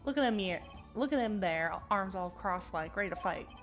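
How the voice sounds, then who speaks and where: A woman voicing a pushy older male noodle vendor who talks in a loud, folksy way and ends his lines with "eh". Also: medium pitch, animated, normal speed, music in the background, natural voice.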